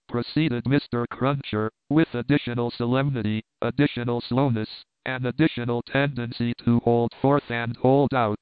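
A man narrating a classic novel aloud in a measured, even reading. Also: medium pitch, clean tone, no room sound. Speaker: audiobook narrator. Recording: dry, phone-like narrow sound.

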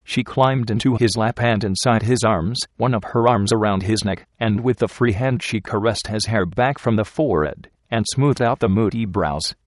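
A man reading a novel aloud as narrator, in a measured, steady way. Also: on the low side, no echo, clean studio sound. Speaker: audiobook narrator.

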